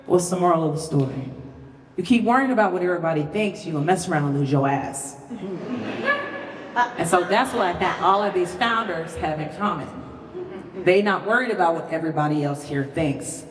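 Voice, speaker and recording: A woman's voice: on the low side, animated, brisk, distant mic, a crowd in the background. A woman speaking as a guest and telling a folksy story to a live audience. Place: stage at a live show in a large venue. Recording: echoey hall, voice from afar.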